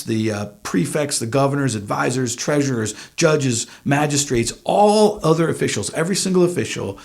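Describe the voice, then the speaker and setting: A man's voice: medium pitch, gravelly. Man teaching scripture conversationally. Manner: conversational, with frequent "uh" and emphatic rises. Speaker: church podcast teacher. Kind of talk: casual Bible teaching.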